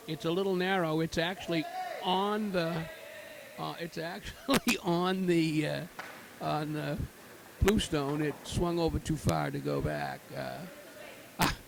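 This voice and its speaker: A man with a slightly high voice and vocal fry talks through a curling game live, leaning on fillers and cheering the good shots. The low-quality recording picks up crowd noise in the ice rink.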